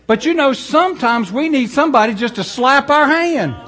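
A male pastor, preaching in a folksy, animated way with storytelling asides. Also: extremely high pitch, moderate pace. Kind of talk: sermon.

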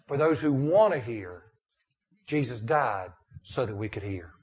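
Pastor guy preaching, goes loud then soft, mid pitch. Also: expressive, a little slow. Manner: preaching with rising and falling intensity, dropping to a hushed prayer. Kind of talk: sermon.

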